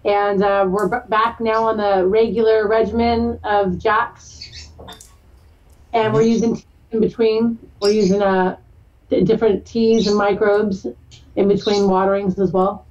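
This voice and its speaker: A woman on a grower panel, upbeat and quick to laugh. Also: medium pitch, little pitch movement, a little mellow, far from the mic, muffled recording. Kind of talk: casual chat.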